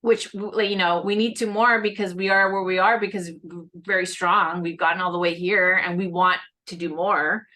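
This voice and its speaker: A woman's voice: on the low side, steady tone, normal speed, hardly any pauses, bright, forceful tone. A woman hosting a casual conversation over a video call, speaking in a chatty, reassuring way with many fillers. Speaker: host.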